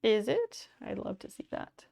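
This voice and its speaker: A woman's voice: medium pitch, very animated, normal speed, vocal fry, warm tone. A woman streamer in casual live chat, thanking viewers by name, telling stories and swearing casually.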